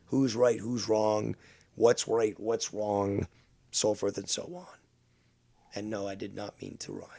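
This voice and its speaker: Low gravelly guy on a stream, blunt, sarcastic, cusses a lot. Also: flat delivery, slow pace, dark tone. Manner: blunt, sarcastic, swears often. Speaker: streamer and host. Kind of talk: live stream commentary.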